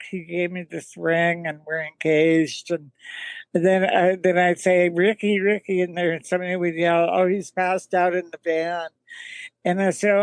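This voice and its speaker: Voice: mid-range voice, dry recording. A guest in a casual interview telling rambling anecdotes, with many restarts and laughs. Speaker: guest, magazine founder and band singer.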